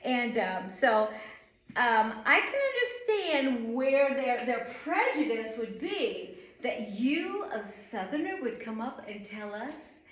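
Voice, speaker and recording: A slightly high, sing-song woman's voice, slow and a bit bright, belongs to a middle-aged woman from the northern United States. She leads an informal Bible study in a church room, rambling and chatty with plenty of fillers. The room sounds echoey on the recording.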